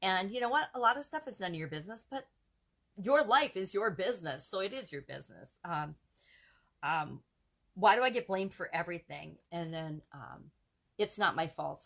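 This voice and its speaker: A woman's voice: lowish voice, fairly bright tone. A woman hosting a live coaching video, talking earnestly and casually and running through examples in rhythmic lists. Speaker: self-help challenge coach.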